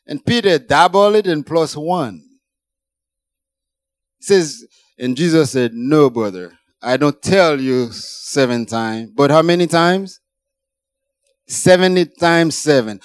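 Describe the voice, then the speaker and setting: A man preaching a sermon, emphatic, rising high for emphasis and then dropping low. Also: expressive, takes it slowly, long pauses, clear, resonant tone, no echo.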